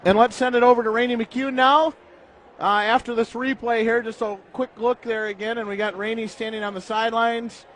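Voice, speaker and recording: A young man as co-commentator on a school broadcast, relaxed with laughing banter. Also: very high voice, fairly quick. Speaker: color commentator.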